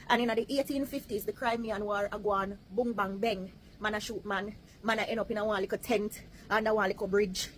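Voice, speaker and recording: A woman's voice: fairly high pitch, a little hiss or hum, rough recording. Jamaican woman telling a story in patois. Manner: lively, chatty, drops into patois. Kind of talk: casual storytelling to camera.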